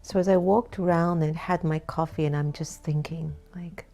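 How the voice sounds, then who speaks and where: A woman's voice: low-pitched, fairly even intonation, moderate pace, few pauses, warm tone, soft background music. A woman spiritual teacher telling a personal story in a reflective talk, often turning to her listeners as everyone.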